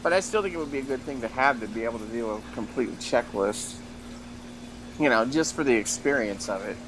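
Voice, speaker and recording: A man's voice: medium pitch, lively intonation, brisk. Agreeable man with noisy background. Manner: agreeable, chiming in. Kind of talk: casual chat.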